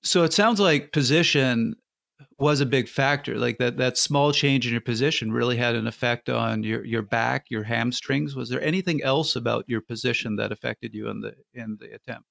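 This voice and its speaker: A male podcast host asking conversational interview questions and summarizing in a measured way. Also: medium pitch, creaky, a bit bright, no room sound, clean studio sound.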